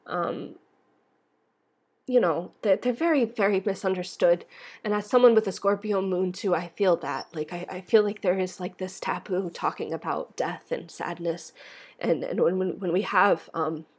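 A woman's voice: medium pitch, darkish tone, husky. A young woman hosting an astrology podcast, talking in a rambling, tearful way with lots of fillers and restarts. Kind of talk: emotional podcast monologue.

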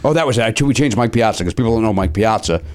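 A man's voice: fairly low pitch, expressive, quick pace, a little mellow. A man hosting a podcast, joking and rambling with many filler sounds in casual comedy chat. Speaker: podcast host.

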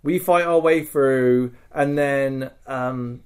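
A man's voice: mid-range voice, takes it slowly, darkish tone, clear, resonant tone. A man hosting a podcast, telling a story in casual chat. He swears freely and keeps checking in with "right?" and "okay?". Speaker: podcast host.

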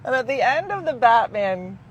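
A woman hosts a casual chat, her pitch swinging up and down as she tells a story. She slips into the voices of the people she quotes. Faint vehicle noise hums in the background. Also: very animated, normal speed, lo-fi sound.

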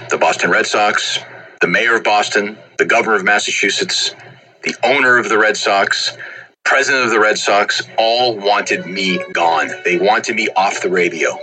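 A man's voice: lowish voice, bright, forceful tone, husky, low-quality recording. A man on the radio talking boastfully, declaiming each line. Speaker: radio host. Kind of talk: radio talk.

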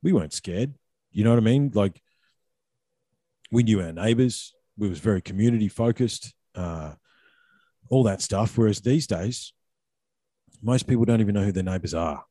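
A man's voice: fairly low pitch, normal speed, pauses often, mellow, no echo. An Australian man in his forties hosting a casual conversation, rambling and repeating words.

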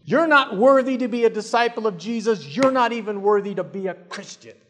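A man's voice: high voice, lively intonation, a little fast, fairly bright tone, voice pushed up. A man acting out a judgmental, self-righteous Christian condemning someone, with indignant, rising emphasis. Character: scolding self-righteous male Christian accuser. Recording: long hall reverb.

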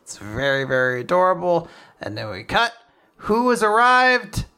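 A woman's voice: fairly low pitch, moderate pace, smooth. A woman co-hosting a casual chat, recapping a manga chapter and acting out the characters' lines with laughs. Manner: animated retelling, acting out quotes with laughs. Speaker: podcast co-host recapping manga.

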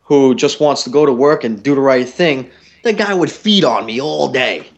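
A young man hosting a podcast, telling a story in a casual, animated way and swearing a lot. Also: medium pitch, moderate pace, a crowd in the background. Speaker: podcast host.

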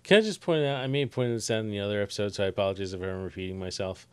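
A man's voice: on the low side, darkish tone, clean tone. Chatty New man. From New Jersey. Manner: chatty, quick to laugh at his own jokes. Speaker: podcast co-host. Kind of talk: casual chat.

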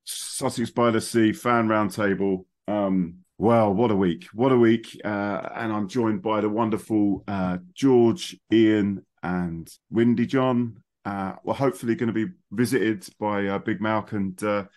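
Guy hosting a footie podcast, lowish voice, chatty and rambling, middle-aged. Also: a little mellow. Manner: chatty, rambling, laughs easily. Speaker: podcast host. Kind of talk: casual chat among friends.

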